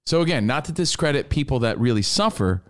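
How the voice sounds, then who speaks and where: Blunt, animated male radio host. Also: mid-range voice, brisk. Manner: blunt and animated, acts out quotes. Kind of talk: casual studio talk.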